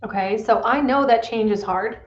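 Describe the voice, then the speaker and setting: A woman's voice: a little high, normal speed, echoey room, highs cut off. A woman pain specialist hosting a solo podcast, talking in an earnest coaching manner and often checking in with "right?".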